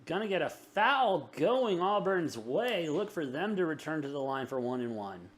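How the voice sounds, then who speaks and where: A young man hosting a live sports betting show, rattling off quick play-by-play and joking banter. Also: on the high side, a little hiss or hum. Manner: rapid, energetic play-by-play with self-deprecating banter. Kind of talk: live sports commentary and chat.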